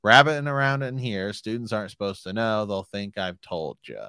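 A man voicing a gruff, shifty giant groundskeeper with a low grunting voice, read aloud casually. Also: fairly quick, pushed and bright, dry recording. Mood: secretive.

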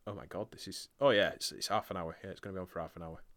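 A man's voice: deep voice, racing, fairly bright tone, no echo. A man hosting a podcast in casual chat, swearing freely and laughing often. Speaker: podcast host. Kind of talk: casual chat, reviewing wrestling results.

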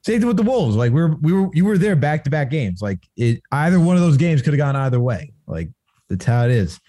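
A young man co-hosting a casual sports podcast, teasing and animated, filling his talk with 'like'. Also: a little high, fairly quick. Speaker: podcast co-host.

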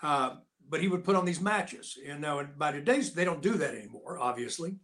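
An older American man, an actor and Navy veteran, telling lively anecdotes as an interview guest and acting out the people he quotes. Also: on the high side, a little fast. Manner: animated anecdotes with voiced quotes. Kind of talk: casual storytelling.

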